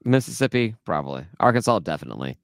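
A man's voice: deep voice, very animated, fast talker, no room sound, studio quality. A man from Memphis co-hosting a sports podcast in casual chat, rambling and restarting his sentences. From Memphis, Tennessee. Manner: rambling, repeats and restarts words. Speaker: podcast co-host.

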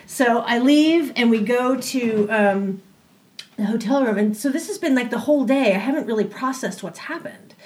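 Speaking at a moderate pace in a slightly high voice, a young woman shares something that happened to her. She's lively and relaxed, often breaking into laughter and doing impressions of whoever she's quoting.

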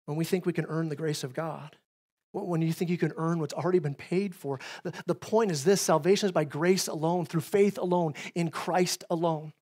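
A male pastor giving a sermon in a conversational way, tossing in "right?" asides and swinging between loud, emphatic bursts and quiet asides. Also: a little high, steady tone, moderate pace.

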